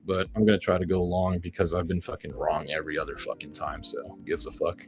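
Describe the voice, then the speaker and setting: A man's voice: deep voice, little pitch movement, a little fast, hardly any pauses, soft background music. A man giving live commentary on his day trades, ranting at the market with heavy profanity and sarcastic self-mockery.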